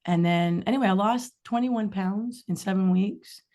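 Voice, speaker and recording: Her voice sits in the mid-range and moves at a moderate pace. As a middle-aged singer-songwriter guest on a laid-back podcast, she shares candid, wandering stories and lively asides along the way.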